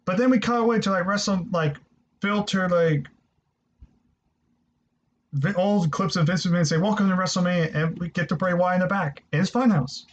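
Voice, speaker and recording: A man casually reviewing a wrestling show, excitable and rambling, swearing freely. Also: high voice, normal speed, long pauses. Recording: dull lo-fi recording.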